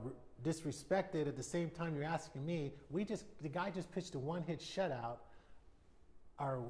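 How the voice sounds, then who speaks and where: A man's voice: medium pitch, a little mellow. An American man in his fifties, a guest in a sit-down TV interview, speaking candidly and reflectively. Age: 50s. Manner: candid, reflective, acts out quoted voices. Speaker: interview guest, retired baseball player.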